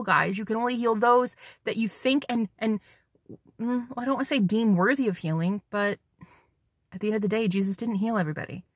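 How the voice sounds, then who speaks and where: A woman's voice: mid-range voice, fairly bright tone, no room sound, clean studio sound. A woman psychic medium giving a spiritual tarot reading, talking bluntly and preachily and swearing for emphasis.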